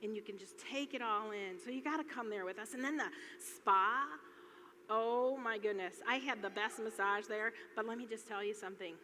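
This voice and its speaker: Speaking at a normal speed, a middle-aged woman from Michigan uses a fairly high-pitched, sharp-toned voice to tell loose, chatty stories at a business event. Frequent laughter and loops back with "anyway" mark her telling. A large hall full of listeners gives the audio echo and faint noise.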